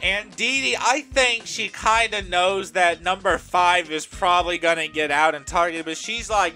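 A man's voice: high-pitched, normal speed, few pauses, bright, forceful tone, soft background music. A man casually narrating a made-up game scenario in a chatty, playful way, with lots of fillers. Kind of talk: casual storytelling commentary.

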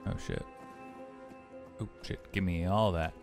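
A man's voice: deep voice, steady tone, a little slow, soft background music. A young man casually commenting on his gameplay in a rambling, profane, joking way. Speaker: gaming streamer.

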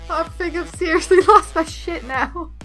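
A woman's voice: very high-pitched, very animated, takes it slowly, sharp tone, soft background music. A woman hosting a let's play, giving casual gameplay commentary with blunt, profane jokes and frequent giggling.

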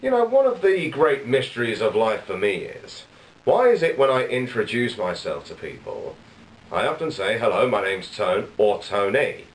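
A man's voice: mid-range voice, very animated, normal speed. A man vlogging in a dry, sardonic comic monologue. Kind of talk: comedic monologue vlog. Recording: echoey room with faint ambience.

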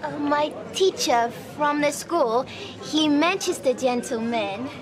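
Brief: a polite Thai visitor, broken English with a Thai accent, high, very slow. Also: female voice, a crowd in the background. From Thailand. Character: polite young Thai woman visitor, earnest. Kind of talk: TV soap drama acting.

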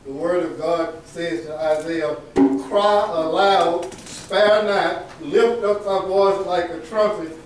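Man reading scripture slowly in church. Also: high-pitched, slight background noise. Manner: slow and deliberate. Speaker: congregation member reading scripture. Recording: echoey church from far off.

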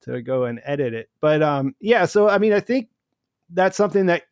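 A man's voice: a little high, animated, moderate pace, a little mellow, smooth, no echo, clean studio sound. A man hosting a casual discussion, rambling, with many restarts and fillers. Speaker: host.

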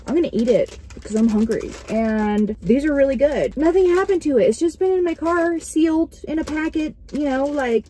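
A woman's voice: high voice, expressive, normal speed, few pauses, mellow, a little hiss or hum. A young woman vlogging from inside her parked car, chatting casually in a rambling, giggly way that startles easily. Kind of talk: casual vlog chat.

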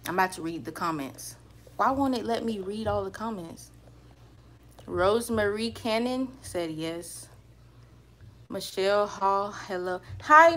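A young woman with a relaxed Southern Carolina accent talks loosely to her viewers during a home livestream. She reads comments aloud and trails off into fillers as she goes. Her pitch sits in a middle range. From North Carolina or South Carolina, US. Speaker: hair vlogger reading live comments. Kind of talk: casual chat, livestream. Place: at home, indoors.

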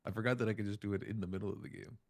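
A man's voice: on the low side, steady tone, very fast, vocal fry, darkish tone, no echo. A man, a fellow streamer on a voice call, chatting in a friendly, easygoing way. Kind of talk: casual chat.

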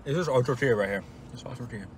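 A man's voice: mid-range voice, racing, a little hiss or hum. A young man co-hosting a casual food review in a parked car, easygoing and rambling, often laughing. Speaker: podcast co-host doing a food review. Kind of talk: casual chat while eating.

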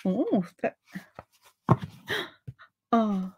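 A middle-aged British woman hosts a live papercraft stream. She talks at an unhurried, slow pace in a middle-register voice. Her manner is chatty and easily delighted as she chats to her viewers. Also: mid-range voice, sing-song, slightly rough, muffled recording. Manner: chatty and easily delighted, with frequent gasps and laughs.

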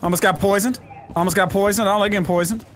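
A man playing a video game with a friend, reacting loudly, swearing and yelling as he chats casually. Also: high-pitched, racing, background noise. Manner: loud, excitable, swears and yells in reaction. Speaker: gaming guest. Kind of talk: casual gaming chat with a friend.

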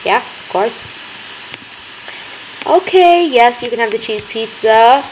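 A young woman hosting a gaming video, chattering excitedly as she plays and talking to the characters on screen. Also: on the high side, takes it slowly, a little hiss or hum, low-quality recording. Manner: excitable, gasping, talks to game characters. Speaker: gaming channel host. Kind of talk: let's-play commentary.

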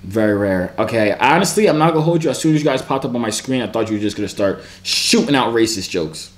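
A man's voice: mid-range voice, animated, fast. Joking young man roasting strangers. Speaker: vlogger. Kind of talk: casual joking chat on a video call.

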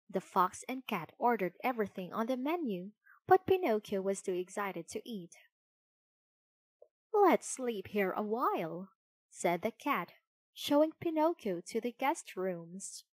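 Slow, clear woman storybook reader. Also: medium pitch, no room sound. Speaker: narrator. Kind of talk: storybook reading.

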